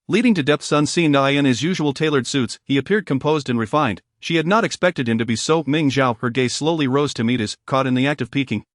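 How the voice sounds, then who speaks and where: A man narrates a romance novel in a steady, smooth audiobook reading at a middling pitch. The recording is dry and close, with no room sound. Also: a little fast, hardly any pauses, no room sound.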